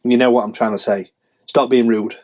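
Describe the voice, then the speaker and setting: A man's voice: mid-range voice, fairly even intonation, brisk, a little mellow, a little hiss or hum. A man giving a casual, rambling sales update as a reseller vlogger, chatty and self-mocking. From England.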